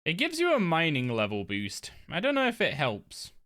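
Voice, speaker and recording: A woman's voice: low-pitched, wildly swooping pitch, moderate pace, fairly bright tone. A woman live-streaming a game from her home desk, chatting casually and rambling with lots of fillers and restarts. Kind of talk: casual live-stream chat while gaming.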